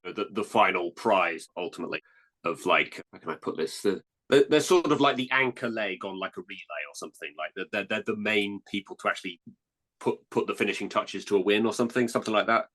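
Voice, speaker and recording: Fast-talking low-voiced man. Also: a bit bright. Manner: quick, opinionated, explaining. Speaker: podcast guest, reviewer. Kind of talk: casual chat.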